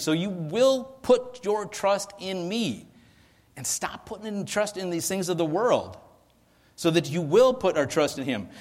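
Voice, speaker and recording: A pastor preaching a conversational sermon, asking his listeners questions. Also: sits high. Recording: long hall reverb.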